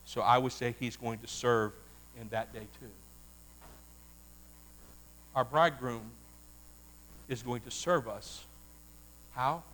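A man preaching a sermon as a Baptist pastor, animated and folksy, calling out to his congregation. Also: medium pitch.

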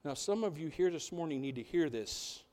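A man's voice: on the high side, lively intonation, moderate pace, darkish tone. A man preaching a sermon in a church, full of rhetorical questions and building emphasis. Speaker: pastor. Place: church sanctuary.

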